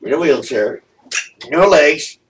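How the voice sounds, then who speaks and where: An older man ranting angrily to his camera from home, indignant and aggrieved, with a husky voice. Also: on the high side, expressive, slow, slight background noise, poor audio. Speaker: video blogger. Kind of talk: angry webcam rant. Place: home, seated in a wheelchair.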